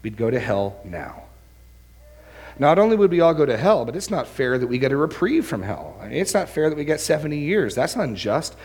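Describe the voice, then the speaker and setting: A man's voice: on the high side, very animated, fairly quick, a little mellow, slightly rough. A man preaching a sermon, earnest and emphatic, often repeating words. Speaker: pastor.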